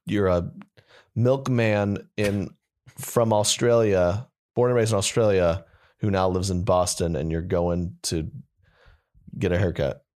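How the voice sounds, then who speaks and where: A man's voice: deep voice, steady tone, unhurried, a little mellow. A man co-hosting a casual comedy podcast, rambling and playful, at times improvising slam poetry. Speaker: podcast co-host.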